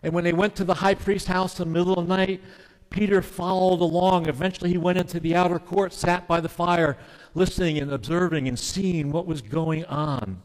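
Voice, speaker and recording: Man, pastor, sermon, earnest, emphatic, soft drops, fairly high voice, long hall reverb. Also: steady tone, fairly quick.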